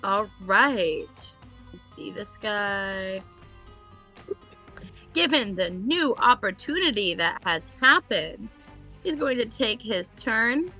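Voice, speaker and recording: A woman running a tabletop game as game master, halting with many fillers. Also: medium pitch, sharp tone.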